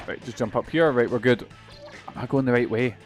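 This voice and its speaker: Rambling streamer. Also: male voice, medium pitch, brisk, lo-fi sound, faint music behind. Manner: rambling, swears often, self-mocking. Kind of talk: casual let's-play commentary.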